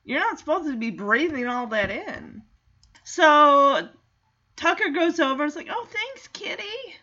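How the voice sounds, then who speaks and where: A woman casually recapping a family film in an excitable, animated way, on a dull lo-fi recording. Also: high voice, measured pace. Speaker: movie recap host.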